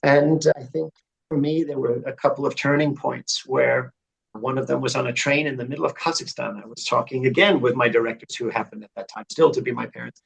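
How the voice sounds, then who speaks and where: Here a middle-aged man appears as a podcast guest, sharing his story in a conversational interview with earnest reflection that grows into fervent emphasis. His mid-range voice is brisk, gravelly and fairly bright, captured on poor audio.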